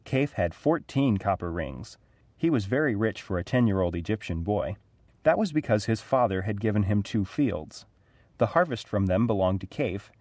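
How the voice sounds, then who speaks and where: A man reads a storybook aloud in a fairly low voice. His delivery is clear and even. The recording is dry and close. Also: dry recording. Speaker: narrator.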